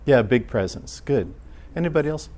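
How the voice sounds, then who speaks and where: A man teaching a church class in an earnest, halting way, restarting his sentences often. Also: medium pitch, lively intonation, darkish tone, a little hiss or hum.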